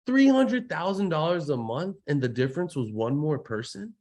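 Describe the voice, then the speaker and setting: Rich: A male trainer revving up an online audience like a preacher, swinging between sudden shouts and quick asides. His voice sits a little high for a man, and he begs the crowd for hallelujahs and amens. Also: very animated. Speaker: network marketing trainer. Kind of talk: live online sales training.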